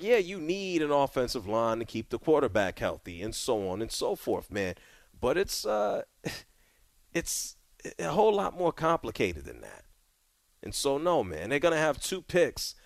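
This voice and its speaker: A man hosting a call-in sports radio show, talking in an animated, conversational way with drawn-out emphasis. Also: a little high, vocal fry, no room sound. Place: radio studio.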